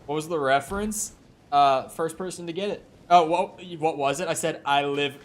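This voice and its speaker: A man's voice: a little high, normal speed. A man chatting casually with viewers during a live gaming stream, rambling and swearing freely. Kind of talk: casual live-stream chat while playing.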